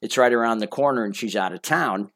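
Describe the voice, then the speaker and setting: A man voicing an older Parisian woman with a French accent, inviting two young people to her daughter's flat. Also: medium pitch, fairly quick, close to an everyday voice. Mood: friendly.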